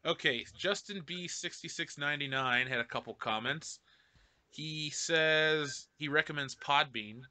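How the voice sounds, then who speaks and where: Lively bright-voiced male podcast host. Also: medium pitch. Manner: loud, laughing, profane banter. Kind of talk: casual podcast chat reading comments.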